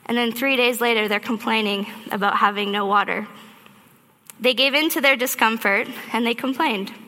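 A woman preacher giving a sermon, telling a story in a lively way and acting out her own thoughts. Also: sits high. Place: church auditorium. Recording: reverberant hall.

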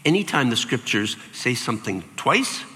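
Older male pastor preaching in a reverberant hall. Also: moderate pace. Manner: animated, acts out quoted voices with big jumps in pitch. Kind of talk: sermon.

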